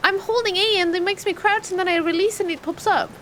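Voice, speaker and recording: A woman's voice: very high voice, fairly even intonation, fast, a bit bright, slight background noise. A young woman streaming a game live, chatty and thinking aloud while talking to her chat. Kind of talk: live gameplay commentary.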